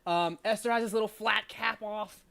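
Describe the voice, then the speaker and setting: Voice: mid-range voice, steady tone, normal speed, creaky, bright, forceful tone, smooth. A game master narrating a tabletop game in a loose, chatty way with lots of fillers.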